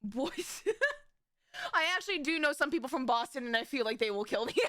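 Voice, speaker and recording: A woman's voice: high-pitched, very animated, moderate pace, fairly bright tone, no room sound, studio quality. A young woman streamer chatting with her live audience, rambling and giggling, often stopping to correct herself. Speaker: VTuber streamer. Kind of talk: casual live-stream chat.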